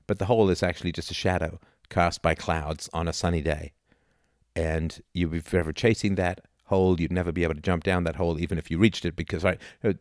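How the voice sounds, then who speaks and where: A man with a low, deep voice explains philosophy off the cuff, stumbling and restarting phrases and tossing in "right?" to check in with the listener. The sound is dry and close, with no room echo. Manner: restarts and repeats words, lively asides; leans on rhetorical "right?" checks. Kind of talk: unscripted explanatory talk.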